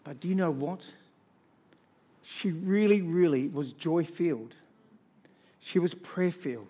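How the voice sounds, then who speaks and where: A man delivering a sermon in a fairly high voice. He swings between hushed, intimate storytelling and loud, rousing calls to the congregation, with emphatic, repeated phrases. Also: a little slow, breathy edge. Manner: emphatic, repetitive lists. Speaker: pastor.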